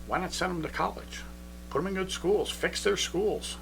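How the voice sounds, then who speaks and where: Bright-voiced, hesitant podcast guy. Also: sits high, fairly quick, vocal fry, a little hiss or hum, low-quality recording. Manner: hesitant, trailing off, dry asides. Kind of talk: casual podcast chat.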